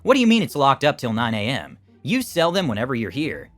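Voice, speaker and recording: A man's voice: mid-range voice, huge pitch swings, brisk, a bit bright, no room sound. A man reading a rude, demanding woman shopper. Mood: angry. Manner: demanding, indignant. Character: rude entitled middle-aged woman shopper.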